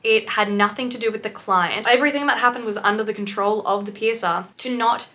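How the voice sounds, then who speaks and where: Bright-voiced woman piercer giving blunt commentary. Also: medium pitch, a little fast. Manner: blunt, swears freely, explains patiently. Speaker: piercer reacting to clips. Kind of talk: casual commentary.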